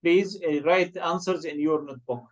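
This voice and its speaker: A male teacher with an Arabic accent runs an online English lesson. His voice sits a little high for a man, and he keeps prompting students with questions. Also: fairly even intonation, moderate pace.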